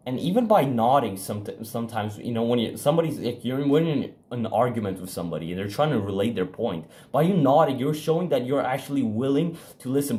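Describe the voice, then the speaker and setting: A man's voice: mid-range voice, mellow. A young man giving a casual motivational talk to camera, frank and profane, rambling with restarts and fillers. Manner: emphatic, speeds up and slows down for stress. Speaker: self-improvement vlogger.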